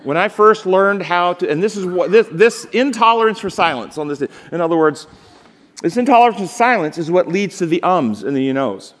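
A man's voice: sits high, expressive, brisk, in a large hall. A man giving a live seminar lecture on public speaking. He speaks emphatically and often asks the audience rhetorical questions. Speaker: seminar instructor. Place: large seminar hall.

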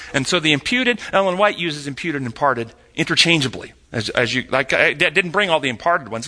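Man, Bible teacher, sermon-style lesson, emphatic, very bright tone, animated pitch. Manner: reads quotes aloud then questions listeners; emphatic, rising sharply when arguing.

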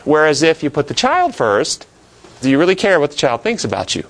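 A man's voice: fairly high pitch, huge pitch swings, brisk. A man teaching a classroom Bible lesson, asking the class questions and then answering them himself.

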